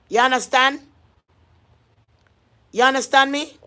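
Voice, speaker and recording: A woman's voice: sits high, steady tone, normal speed, pauses often, sharp tone. An adult woman, ranting in a vlog monologue, emphatic and confrontational, often repeating herself. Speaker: vlogger.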